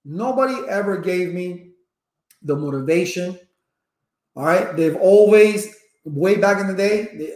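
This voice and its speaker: A man talking casually to viewers as a networking instructor, a lively storyteller full of personal anecdotes. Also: sits high, moderate pace. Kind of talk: casual rambling talk to viewers. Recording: echoey room.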